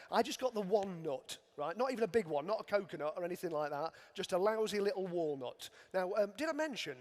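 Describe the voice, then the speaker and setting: Middle-aged magician with dry stage patter. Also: male voice, high-pitched. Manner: dry, self-mocking jokes. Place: large arena stage. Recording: long arena reverb.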